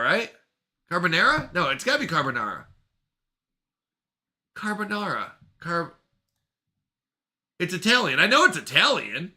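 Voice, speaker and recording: A Canadian man hosting a casual live stream, chatting and joking as he reads viewers' messages aloud. His voice sits high for a man and sounds very bright and forward. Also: animated, moderate pace, pauses often. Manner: playful, chatty, reads chat messages aloud, jokes about pronunciation. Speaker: live streamer reading chat.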